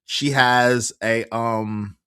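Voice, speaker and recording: A man's voice: medium pitch, very slow, clean tone, no echo, clean studio sound. A man, casually telling a personal story and acting out what others said, with many restarts. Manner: animated, acts out quoted dialogue, frequent restarts.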